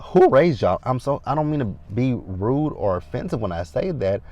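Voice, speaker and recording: A man's voice: medium pitch, very animated, moderate pace, mellow, no room sound, dull audio. A man in his thirties giving a casual, candid recap of a reality show, emphatic and repeating lines for stress.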